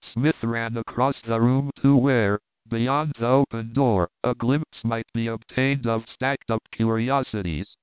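A man reads a mystery novel aloud in an even, deliberate way. His voice is smooth and clear at a middle pitch. The recording is dry and phone-like. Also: no room sound. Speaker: audiobook narrator. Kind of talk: scripted narration of a mystery novel. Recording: dry, tinny narrow-band audio.

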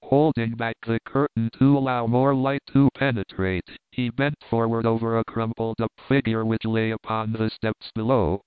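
A man reads a mystery novel aloud in an even, deliberate way. His voice is smooth and clear at a middle pitch. The recording is dry and phone-like. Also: no echo. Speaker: audiobook narrator. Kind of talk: scripted narration of a mystery novel. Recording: dry, tinny narrow-band audio.

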